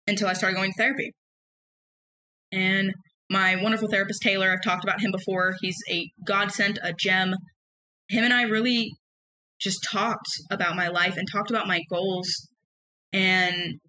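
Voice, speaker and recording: A woman's voice: mid-range voice, pushed and bright, a little hiss or hum, rough recording. A woman in her twenties hosting a podcast, telling a personal story in an earnest, candid ramble full of fillers and restarts. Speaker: podcast host.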